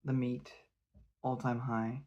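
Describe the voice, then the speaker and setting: A man's voice: mid-range voice, flat delivery, slow, darkish tone, dull audio. A man giving a rambling, hesitant spoken review of a fantasy novel. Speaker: book reviewer.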